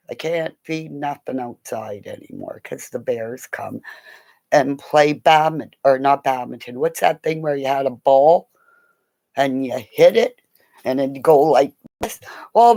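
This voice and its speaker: Middle-aged woman rambling on, gravelly voice, talks slow, swears a lot, drops to a whisper now and then. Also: low-pitched, darkish tone. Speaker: vlogger. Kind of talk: rambling casual monologue.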